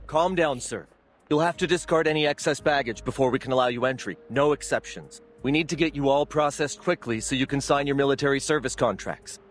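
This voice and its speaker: A man voicing a strict male security guard who recites rules in a curt, hurried way while reading game dialogue aloud. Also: mid-range voice, soft background music, pitched above the performer's own voice, lightly acted. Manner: curt, rule-bound, hurried.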